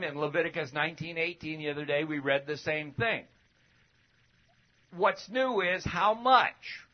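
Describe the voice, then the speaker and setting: A man preaching a sermon in a conversational way, asking rhetorical questions and swinging from loud emphatic bursts to quiet asides. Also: high-pitched. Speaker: preacher teaching a Bible lesson. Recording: dull lo-fi recording.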